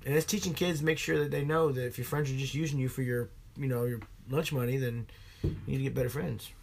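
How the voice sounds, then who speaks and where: A man's voice: medium pitch, steady tone, quick pace, vocal fry. A young man in casual chat with friends, making dry, joking asides.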